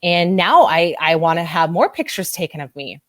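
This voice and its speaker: A woman's voice: on the low side, very animated, moderate pace, no echo, clean studio sound. A woman body-image coach telling a client story in an interview, emotional and teary, gushing as she quotes herself. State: teary-eyed.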